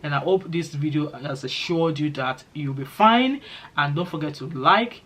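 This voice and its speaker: With a low-pitched, slightly bright voice and lively intonation, a middle-aged Nigerian vlogger speaks at normal speed in a Nigerian accent. She chats casually and reassuringly with viewers, pidgin phrases slipping in here and there.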